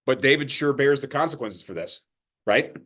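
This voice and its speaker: A man's voice: medium pitch, animated, normal speed, a bit bright. A man teaching a Bible study in a loose, conversational way, checking in often with his listeners. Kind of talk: informal sermon teaching.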